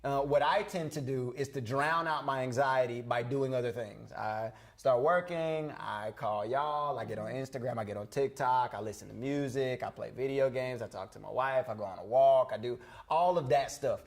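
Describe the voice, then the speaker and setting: A man's voice: mid-range voice, normal speed, hardly any pauses. Playful young man co-hosting a church show. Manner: playful, jokey, boastful about words. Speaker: youth show co-host. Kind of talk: casual church youth show chat.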